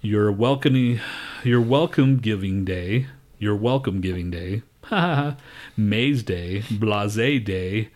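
A man with a fairly low voice co-hosting a podcast in casual banter. He rants loudly and swears constantly. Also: slow. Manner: profane and loud, ranting. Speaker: podcast co-host.

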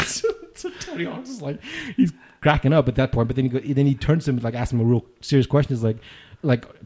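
Laid-back man with a dark voice. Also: medium pitch, big pitch swings, a little fast, husky. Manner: profane, rambling storyteller who laughs often. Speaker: podcast co-host. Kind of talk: casual chat.

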